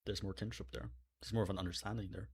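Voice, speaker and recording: Husky low-voiced man hosting a stream. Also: steady tone, fast. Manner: reads donations aloud with joking asides. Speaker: livestream host. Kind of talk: casual livestream chat.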